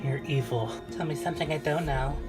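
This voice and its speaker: A woman's voice: low-pitched, a little fast, loud music behind the voice, close to an everyday voice, rough recording. A woman voicing a proud, sarcastic teenage girl in an amateur voice drama. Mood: scheming. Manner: cutting, sarcastic. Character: proud, sharp-tongued teen girl.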